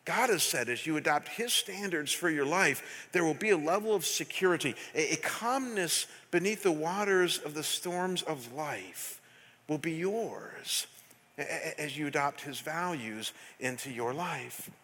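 A middle-aged male pastor delivers a fervent sermon with a fairly high, very bright and forceful voice. He drives his points home, keeps putting questions to the congregation, and his words ring out with a long hall reverb. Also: expressive, unhurried. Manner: passionate, emphatic, asks the congregation questions. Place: church sanctuary.

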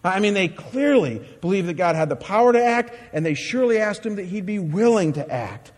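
A man's voice: high voice, animated, brisk, big-room sound. A man preaching a sermon as a pastor, earnest and emphatic, with many rhetorical questions.

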